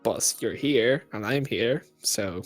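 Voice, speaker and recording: A man's voice: medium pitch, slow, faint music behind. A man playing his character in a tabletop game, asking earnest questions. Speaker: player. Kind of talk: in-character play.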